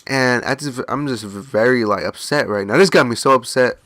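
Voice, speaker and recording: A man's voice: medium pitch, moderate pace, a bit bright, dry recording. Chill young guy rambling through a story, dry mic, no room sound. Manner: rambling, laid-back anecdote with mock voices. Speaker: gaming channel host. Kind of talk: casual storytelling.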